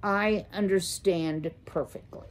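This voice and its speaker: A woman's voice: mid-range voice, slow pace, slight background noise, natural voice. A woman voicing a nervous, fawning father mouse straining to sound jaunty. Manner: jaunty, flustered.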